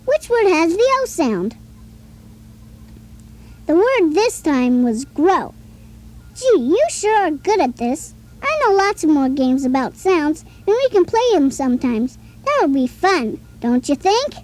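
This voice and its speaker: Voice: high voice, very animated, measured pace, a little mellow. An actor voicing a cheerful boy talking toy who chats with a child on a scripted play-along tape, chirpy and coaxing and always asking the listener questions.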